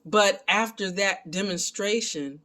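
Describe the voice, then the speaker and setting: A man giving a casual, animated recap of a film and talking to his viewers as family. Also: sits high, slow. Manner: animated, excitable retelling. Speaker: film reviewer.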